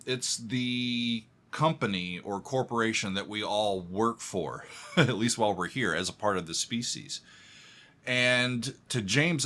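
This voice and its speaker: Talking to his viewers like friends, a composer reacts to music with excitement and hums along as he comments. His voice is on the low side.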